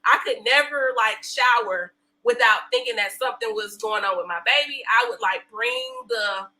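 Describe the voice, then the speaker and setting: A woman in her thirties, a podcast guest, chatting casually and telling animated stories with laughs and acted-out quotes. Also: a little high, normal speed, low-quality recording. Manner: animated storyteller, laughs often, acts out quotes. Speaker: podcast guest, breastfeeding specialist. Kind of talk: casual interview chat.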